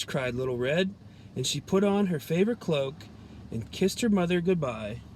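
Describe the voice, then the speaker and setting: A man reads a children's storybook aloud with gentle, expressive storytelling. His voice sits a little higher than many men's, with a faint hiss of background noise. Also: normal speed. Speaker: police trooper reading aloud.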